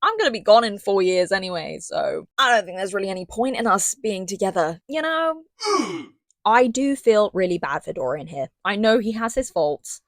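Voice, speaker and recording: A woman's voice: medium pitch, dry recording, clean studio sound. Chatty young woman reviewing a book. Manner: chatty, animated, dramatic asides. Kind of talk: casual book review vlog.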